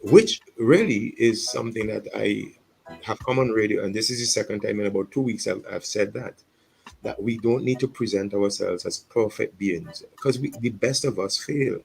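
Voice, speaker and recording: On a radio show recorded in a studio, this pastor from St Vincent and the Grenadines apologizes publicly, earnestly reflecting aloud and repeating what he says. His lowish voice is gravelly and darkish in tone, at normal speed. The audio is poor, with soft music in the background.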